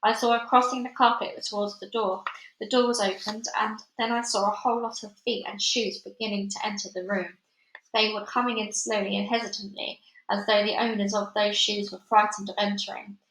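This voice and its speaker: A woman's voice: mid-range voice, little pitch movement, fairly quick, fairly bright tone. A woman reading a children's novel aloud, then signing off in a chatty way to her listeners. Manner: chatty, informal sign-off. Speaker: storybook reader. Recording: echoey room.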